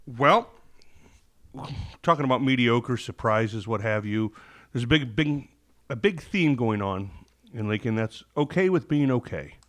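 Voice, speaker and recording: A man's voice: mid-range voice, lively intonation, unhurried, fairly bright tone. A man co-hosting a casual sports chat, rambling and correcting himself as he breaks down games, while fighting the hiccups. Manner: thoughtful, rambling, self-correcting. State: has the hiccups. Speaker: podcast co-host.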